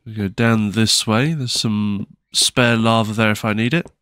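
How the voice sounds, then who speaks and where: Man, gameplay commentary, lowish voice, jumpy and nervous, self-mocking. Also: steady tone, unhurried, fairly bright tone, smooth. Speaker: gaming channel host.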